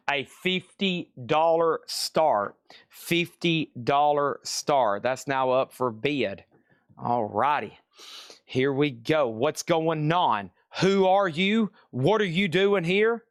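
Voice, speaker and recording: A man's voice: a little high, fairly bright tone, clear, resonant tone, no room sound, studio quality. A man hosting a live-streamed record auction, joking around and repeating items and prices. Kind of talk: live-stream sales patter.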